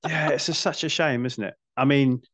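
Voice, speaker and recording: A man's voice: mid-range voice, steady tone, normal speed, fairly bright tone, dry recording, muffled recording. A middle-aged man hosting a casual film chat, thinking aloud and restarting his sentences. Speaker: podcast host.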